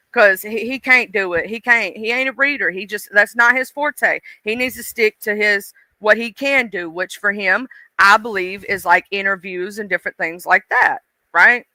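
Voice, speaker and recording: A man hosting a livestream, chatting and gossiping in a dishy, animated way. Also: very high-pitched, no echo, low-quality recording. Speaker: livestream host. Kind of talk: casual livestream gossip chat.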